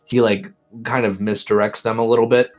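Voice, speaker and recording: A man's voice: on the low side, flat delivery, a little fast. A man narrating a tabletop role-play as game master, describing scenes with restarts and self-deprecating asides.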